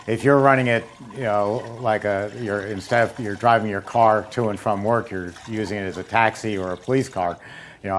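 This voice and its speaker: A man's voice: on the low side, slight background noise. A man presenting at a seminar, telling anecdotes in a chatty, filler-laden way. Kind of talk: demonstration talk.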